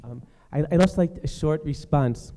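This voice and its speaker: A man on a panel giving a short, measured response, reasoning through his point with small restarts. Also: a little high, dark tone. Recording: noisy recording.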